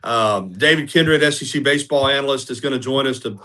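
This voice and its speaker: A man with a Southern accent speaks as a guest on a sports talk show, rambling and repeating himself as he goes. His voice is bright and forceful, with a mid-range pitch. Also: fairly quick. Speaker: radio sports host, guest.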